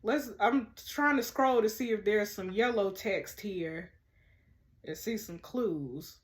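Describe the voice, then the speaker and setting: A chatty woman speaks straight to her viewers while working through a mystery game. She thinks aloud and reads clues off the screen. Her pitch sits in an ordinary middle range. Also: slow pace. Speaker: gamer playing a mystery game. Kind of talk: casual let's-play commentary.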